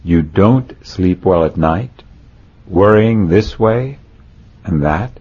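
Guy voicing a serene soothing guru, super slow, low and mellow. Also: lively intonation, slightly rough, exaggerated voice. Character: serene, soothing male guru, calm and gentle. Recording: dull lo-fi recording.

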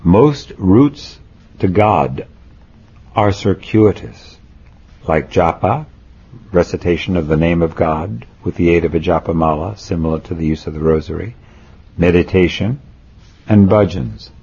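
A man reading aloud, voicing a serene, gentle male guru who speaks slowly and soothingly. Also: deep voice, breathy edge, voice pushed down, exaggerated voice. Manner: slow, soothing, measured. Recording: dull lo-fi recording.

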